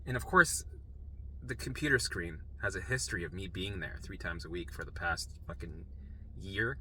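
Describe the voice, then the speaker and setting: A man telling a personal story in a profane, animated, frantic way. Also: low-pitched, normal speed, slight background noise, rough recording.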